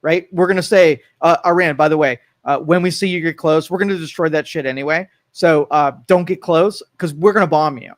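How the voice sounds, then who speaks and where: A man co-hosting a local talk radio show in casual political talk, animated, acting out quoted voices and restarting often. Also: a little high, a little fast, hardly any pauses, no echo. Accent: Northeast Ohio. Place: radio studio.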